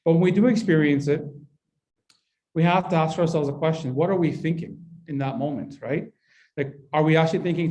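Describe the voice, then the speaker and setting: On the high side and a little mellow, a man's fairly quick voice guides an interactive parenting workshop held in a mosque hall. He talks conversationally and keeps turning to the audience with "right?"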